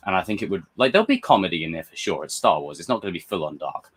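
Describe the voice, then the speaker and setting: Male host for an excitable reaction-video ramble with a very deep voice, restarting sentences. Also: very fast, slightly rough. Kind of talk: casual reaction commentary.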